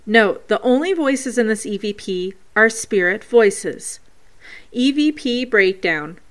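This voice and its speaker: A woman's voice: fairly high pitch, animated, takes it slowly. A woman hosting a paranormal show, earnestly reading out a listener's ghost recording and breaking down each sound step by step.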